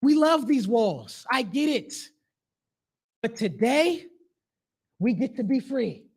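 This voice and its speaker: A man's voice: extremely high pitch, sing-song, slow pace, darkish tone, husky. A man performing spoken word as a guest speaker at a church service, rhythmic and emphatic, with casual slang. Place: church sanctuary.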